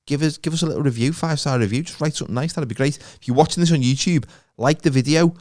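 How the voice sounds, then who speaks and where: A man's voice: a little high, fast talker. A man co-hosting a podcast, joking and rambling in casual banter. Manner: jokey, animated, rambling. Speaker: podcast co-host.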